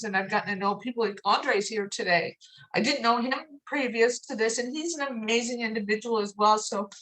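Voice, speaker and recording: A woman's voice: medium pitch, a bit bright, poor audio. A woman leading a drug users' organization, crying as she speaks with heartfelt thanks on a video call, swearing freely. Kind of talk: emotional video call remarks.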